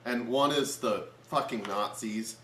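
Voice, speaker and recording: A man co-hosting a casual comedic movie review, excitable and building up jokes. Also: mid-range voice, unhurried, roomy sound, slight background noise.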